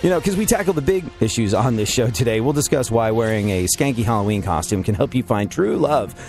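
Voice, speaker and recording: A man's voice: medium pitch, animated, fast, a little mellow, soft background music. A man from New York with a New York accent, hosting a comedic chat show and rambling jokily with lots of fillers. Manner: rambling and jokey, many fillers and restarts. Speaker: show host.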